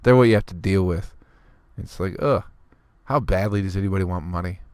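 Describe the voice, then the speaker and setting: Low, dry-voiced man ranting profanely. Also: fast talker, darkish tone, smooth, dry recording. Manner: mimics people in a snooty clipped voice. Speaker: comedian podcast host. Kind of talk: solo podcast rant. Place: on tour, recording alone.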